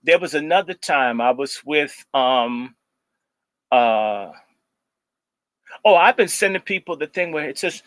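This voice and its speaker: A man in casual talk, telling stories in an animated way and slipping into mocking voices. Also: fairly high pitch, measured pace, long pauses, no echo.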